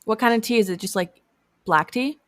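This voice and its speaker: A woman co-hosting a podcast, giving short, low-key replies in casual chat. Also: brisk, no room sound, clean studio sound. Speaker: podcast co-host.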